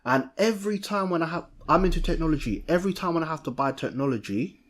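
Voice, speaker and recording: A young man, co-hosting a podcast in a lively, chatty way, often restarting mid-sentence. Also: fairly high pitch, quick pace. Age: young adult. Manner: animated, chatty, self-interrupting. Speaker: podcast co-host. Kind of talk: casual chat.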